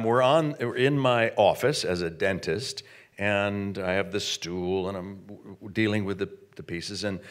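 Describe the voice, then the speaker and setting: A man's voice: low voice, fairly bright tone. A man, a guest, telling an anecdote with stammering restarts and acted-out quotes. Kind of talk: anecdote storytelling.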